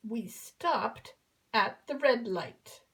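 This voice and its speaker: A woman teaching English verbs to children, with patient, slow explanations that drill each verb form through a list of pronouns. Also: on the high side, animated, a bit bright, poor audio.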